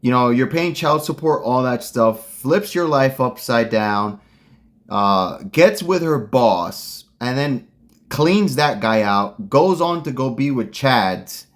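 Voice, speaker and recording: A man's voice: medium pitch, animated, slow. A man hosting a casual commentary, ranting bluntly and heatedly with lots of slang. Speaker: commentary host.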